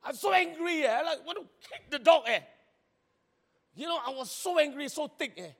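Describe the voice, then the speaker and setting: Man, pastor preaching, lively and exclaiming, high voice, long hall reverb. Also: normal speed, gravelly. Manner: animated storytelling with Singlish particles, repeated words, bursts of exclaiming. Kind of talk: sermon.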